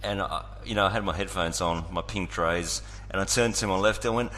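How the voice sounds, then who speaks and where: Casting: low-voiced joking man, lively delivery, reverberant recording. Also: a little fast, heavy background noise. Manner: joking, animated storyteller. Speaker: podcast co-host. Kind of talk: casual podcast chat. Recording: long reverb on the voice.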